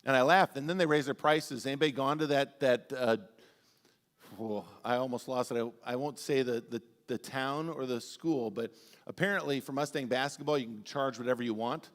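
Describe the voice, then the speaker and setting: A man preaching a sermon as pastor, telling animated, humorous stories with big swings in his voice. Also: mid-range voice, moderate pace. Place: church sanctuary. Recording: long church-hall reverb.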